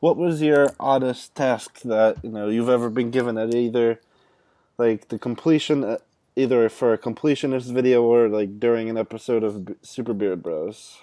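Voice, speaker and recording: A man hosting a podcast, asking interview questions in a slow, dry, deliberate way. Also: mid-range voice, mellow, dry recording. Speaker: podcast host.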